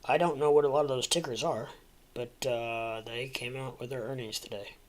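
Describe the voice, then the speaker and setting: A man at an average pitch hosts a casual crypto livestream. He rambles from one thought to the next, leaning on fillers and restarting his sentences. His asides are chatty and jokey. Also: fairly even intonation, normal speed, poor audio.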